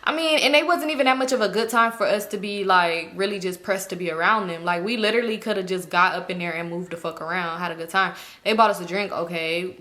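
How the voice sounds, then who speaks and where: A young woman casually telling a storytime in slangy, animated talk, acting out what people said. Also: lowish voice, fast. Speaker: storytime vlogger.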